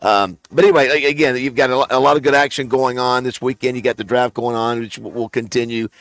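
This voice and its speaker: Chatty, halting radio host. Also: male voice, mid-range voice, steady tone, fairly bright tone, no echo. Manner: chatty, halting, many fillers. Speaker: radio morning show host. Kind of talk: live on-location radio chat.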